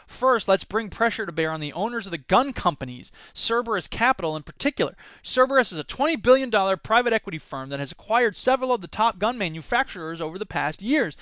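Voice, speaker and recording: A man's voice: sits high, fairly bright tone, no echo. A man hosting a podcast, reading news items aloud and mocking them with sarcastic, jokey asides. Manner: sarcastic, jokey, switches into silly voices. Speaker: podcast host. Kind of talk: casual solo commentary reading news.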